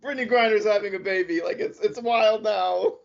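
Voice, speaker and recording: A man's voice: sits high, normal speed, gravelly, dull audio. A man co-hosting a sports podcast, joking and teasing in casual talk. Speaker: podcast co-host.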